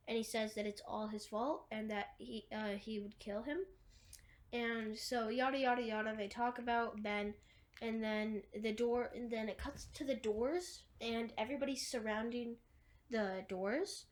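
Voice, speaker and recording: A woman's voice: fairly high pitch, steady tone, unhurried. A woman retelling a film scene by scene in a rambling, casual way, full of "like" and restarts. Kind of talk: casual movie recap.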